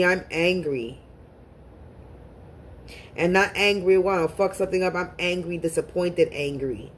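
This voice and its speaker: A woman's voice: lowish voice, slight background noise. A woman speaking to camera in a casual monologue as a spiritual reader, talking bluntly and profanely and often repeating words as she restarts.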